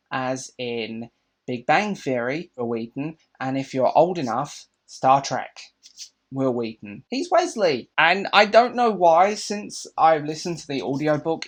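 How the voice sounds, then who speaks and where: A British man talking casually to his camera, enthusiastic and a little rambling. He restarts sentences often and gushes as he goes, in an easy, unscripted chat. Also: medium pitch. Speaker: book vlogger. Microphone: camera mic.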